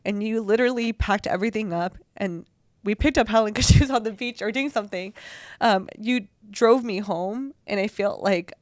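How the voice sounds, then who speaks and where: Woman podcast cohost, mid pitch, emotional and halting, lots of restarts, dry close mic. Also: no room sound. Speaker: podcast co-host. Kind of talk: heartfelt casual podcast chat.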